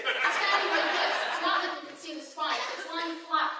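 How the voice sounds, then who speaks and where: A woman inspirational speaker telling stories in an animated, emotional keynote speech. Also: sits high, a little fast, few pauses, a loud crowd. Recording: echoey hall from far off, faint noise.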